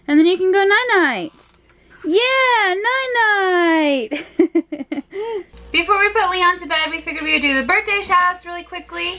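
A woman's voice: extremely high pitch, moderate pace, pushed and bright. A woman vlogging at home as a mom, chatting casually and using playful baby talk with her toddler, laughing often. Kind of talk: casual home vlog chat.

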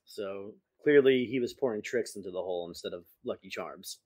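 A man's voice: lowish voice, a little fast, a little mellow. A man co-hosting a podcast, dropping wry comments and chuckles while recapping a cartoon episode. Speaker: podcast co-host. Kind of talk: casual episode recap chat.

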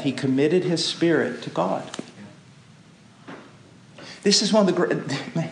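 A man preaching a sermon, with impassioned pleading that climbs to loud peaks. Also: a little high, a little hiss or hum. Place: church hall. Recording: echoey church with faint ambience.

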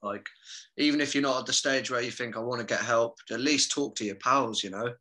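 Bright-voiced man chatting as a podcast guest. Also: medium pitch, a little fast. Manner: informal, calls the listener mate constantly. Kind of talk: casual conversation.

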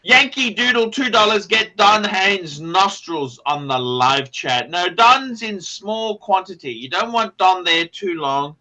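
A man's voice: high voice, expressive, unhurried, few pauses, pushed and bright, low-quality recording. A man hosting a casual livestream chat, swearing freely and reading out donations. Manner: brash, profane, rattles off donation names. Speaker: livestream host.

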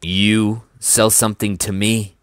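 A man's voice: on the low side, level tone, slow, no echo, clean studio sound. A man reading aloud, voicing a stout bearded man who speaks curtly and suspiciously. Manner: curt, snapping.

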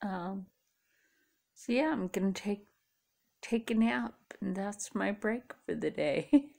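A woman's voice: medium pitch, slow pace, creaky, darkish tone. A tired middle-aged woman chatting casually to camera, rambling and musing aloud. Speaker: vlogger. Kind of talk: casual chat.

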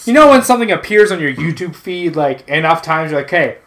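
A man's voice: a little high, animated, fairly quick, a bit bright. Rambling, profane male co-host. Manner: rambling, profane, full of "like" fillers. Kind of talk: casual chat. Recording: background music.

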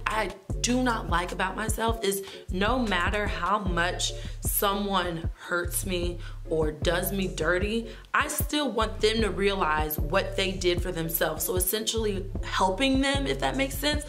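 A young woman with a middle-pitched voice, spinning a storytime for her viewers in a sassy, animated, tell-it-straight way. Music plays clearly behind her. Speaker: vlogger. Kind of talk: casual storytime.

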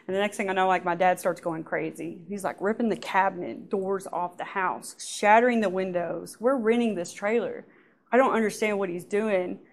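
A woman giving a personal church testimony, telling her story in a halting, soft-spoken way that often trails off. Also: mid-range voice. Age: adult. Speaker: testimony speaker.

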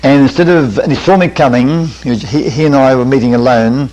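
An older man preaches at a camp meeting, telling folksy stories with self-deprecating asides in a medium-pitched, darkish voice at a fairly quick pace. The 1980s recording is muffled, with radio-level quality.

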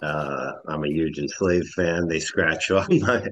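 A man on a podcast panel, chatting eagerly in quick bursts between pauses. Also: very deep voice, dull audio. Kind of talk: casual chat.

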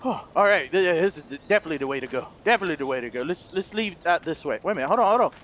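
A man doing playful let's play commentary, goofy and loud, who repeats lines and yells when startled. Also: lively intonation, racing, slight background noise. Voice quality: high-pitched comedic voice. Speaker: gaming YouTuber.

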